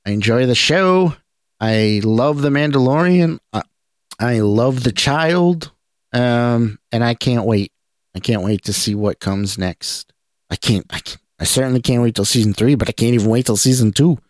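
A man hosting a geek news podcast, talking in a relaxed, rambling way with restarts. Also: mid-range voice, normal speed, no room sound, studio quality. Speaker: podcast host. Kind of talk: casual news roundup.

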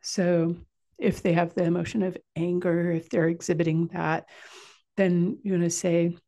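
Calm, low, gravelly-voiced woman teaching. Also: moderate pace. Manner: calm, explanatory, coaching. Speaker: parenting speaker. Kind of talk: informal instructional talk.

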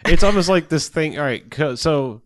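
A man's voice: a little high, expressive, moderate pace, no room sound. Rambling, swearing man recapping a movie. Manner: rambling, swears often, laughs while retelling. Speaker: podcast co-host. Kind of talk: casual movie recap chat.

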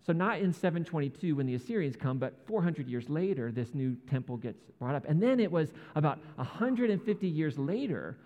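A man preaching a sermon as pastor, telling the story in a lively, casual way and acting out the voices in it. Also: fairly high pitch, fairly quick, hardly any pauses, in a large hall, highs cut off.

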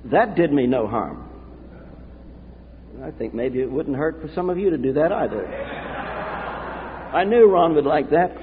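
Earnest preacher with a lively, high voice. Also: male voice, a crowd in the background, background noise. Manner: earnest, confessional, preaching with dramatic pauses. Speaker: pastor. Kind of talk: sermon. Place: church sanctuary. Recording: tinny, echoey hall recording.

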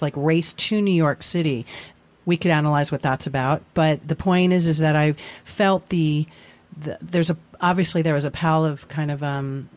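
A talk-show co-host speaking reflectively in casual conversation, pausing often with fillers. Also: medium pitch, darkish tone. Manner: reflective, halting, many fillers. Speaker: podcast co-host.

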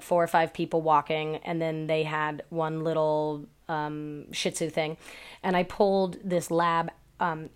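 A woman dog trainer telling stories in a casual podcast chat, swearing freely and filling her speech with "like" and "um". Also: sits low. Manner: profane, chatty storytelling with many fillers.

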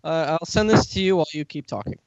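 A man's voice: on the high side, quick pace, vocal fry, no echo. A man co-hosting a casual comedy podcast, making wry jokes and laughing a lot, on a slightly dull lo-fi recording. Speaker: podcast co-host.

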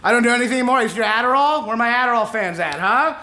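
A man in his thirties from Kentucky doing a deadpan, self-mocking stand-up set and chatting with the crowd. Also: extremely high pitch, rapid-fire. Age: 30s. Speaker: stand-up comedian. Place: comedy club stage. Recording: echoey club, audience laughter.

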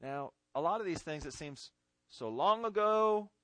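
A man's voice: fairly high pitch, lively intonation, a little slow, fairly bright tone, no room sound. A man preaching a sermon in a folksy, conversational way, often checking in with his listeners. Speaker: pastor.

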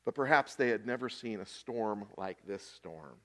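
A man preaching a sermon, swinging between loud emphasis and hushed, quiet lines with long deliberate pauses. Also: on the low side, lively intonation. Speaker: pastor.

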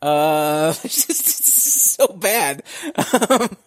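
A man's voice: on the high side, sing-song, drawn-out words. A man co-hosting a casual comics podcast, joking, swearing and laughing often. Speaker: podcast co-host reviewing comics. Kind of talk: casual chat.

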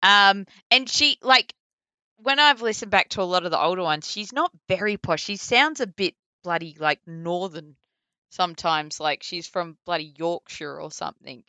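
A chatty Australian woman with a bright, crisp voice and a somewhat low pitch. She talks casually, dotted with likes and ums. The recording is dry and close. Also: moderate pace, dry recording. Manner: chatty, full of likes and ums, laughs often. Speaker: voice actor guest. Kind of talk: casual interview chat.

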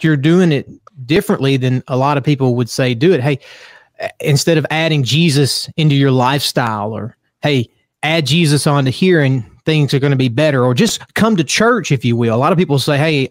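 A man's voice: mid-range voice, no echo, studio quality. A man hosting a radio interview, rambling and restarting as he builds up a question for his guest. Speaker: radio host.

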